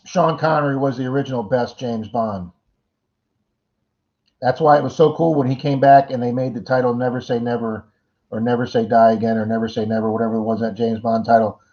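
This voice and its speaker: A middle-aged man hosting a casual livestream chat, greeting viewers by name and rambling through jokey asides. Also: medium pitch. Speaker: livestream host. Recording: dull lo-fi stream audio.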